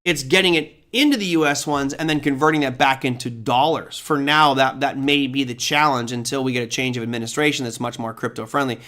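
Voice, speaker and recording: A man's voice: mid-range voice, a little fast, hardly any pauses, bright, forceful tone. A man hosting a live trading show, chatting casually as he answers viewer questions off the cuff.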